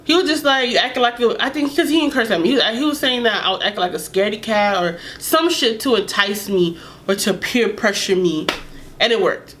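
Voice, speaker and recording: A young adult woman telling a candid, animated storytime vlog, sometimes laughing and dropping to a whisper. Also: a little high, brisk, a little hiss or hum. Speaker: vlogger.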